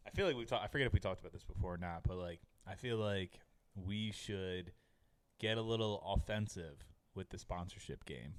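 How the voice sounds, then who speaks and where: A man's voice: low voice, fairly quick, smooth. A man in his thirties co-hosting a podcast in casual chat, teasing and joking crudely. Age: 30s. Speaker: podcast co-host.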